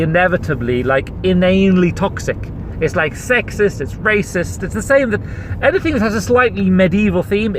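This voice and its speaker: High-voiced man on a heated, profane rant. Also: slight background noise. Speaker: podcast host. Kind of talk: ranting monologue. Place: in a car while driving.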